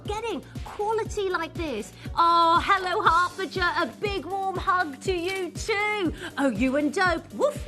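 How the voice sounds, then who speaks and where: A woman's voice: extremely high pitch, fairly bright tone. A woman presenting jewelry on a live shopping channel, chatty and gushing as she greets viewers by name. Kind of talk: live jewelry sales pitch. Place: television studio.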